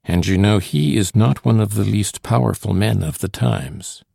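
A man narrating an audiobook in first person, with a measured, formal storytelling manner. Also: fairly low pitch, vocal fry, darkish tone, husky, dry recording, clean studio sound. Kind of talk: audiobook reading.

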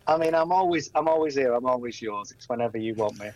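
A man's voice: mid-range voice, quick pace, darkish tone, no room sound, dull audio. A man chatting as a guest on a radio show, laughing often. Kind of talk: casual radio banter.

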